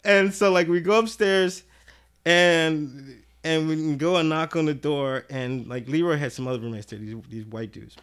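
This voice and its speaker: A man's voice: a little high, moderate pace, clear, resonant tone. A man telling a story on a podcast in a casual, profane way, acting out what people said. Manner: profane, animated, acts out quotes. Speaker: podcast guest.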